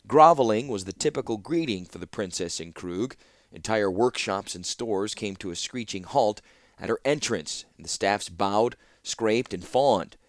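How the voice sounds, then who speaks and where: A man with a low voice narrates a fantasy tale with a great deal of rise and fall. His delivery is expressive and storytelling. The recording is dry and close. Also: a little slow, dry recording. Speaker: audiobook narrator.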